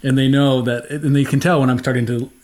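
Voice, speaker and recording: Man co-host, mid-pitched, relaxed and chuckling. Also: brisk. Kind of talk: casual conversation.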